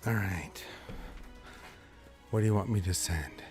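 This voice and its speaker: A man's voice: sits low, measured pace, a little mellow, soft background music. A man running a tabletop game as game master, joking and exasperated, swearing now and then.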